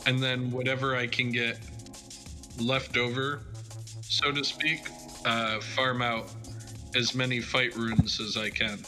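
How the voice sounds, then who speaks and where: A man's voice: mid-range voice, little pitch movement, slow, pauses often, bright, forceful tone, faint music behind. A man co-hosting a casual gaming chat, joking and asking rambling questions. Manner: jokey, self-deprecating, asks long questions. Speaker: co-host.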